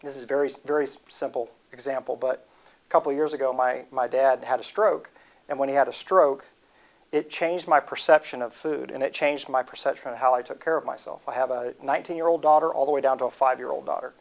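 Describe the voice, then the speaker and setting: A man's voice: medium pitch, fairly even intonation, quick pace, gravelly. A man in his forties giving a humorous motivational talk, rambling and interrupting himself as he tells stories. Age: 40s. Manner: rambling, self-interrupting storytelling. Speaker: speaker.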